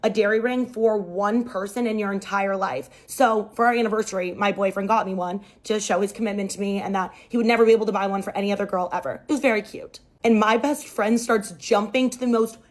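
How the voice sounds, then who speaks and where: A woman's voice: medium pitch, fairly even intonation, quick pace, few pauses. A young adult woman casually telling a dramatic personal story, chatty and sarcastic.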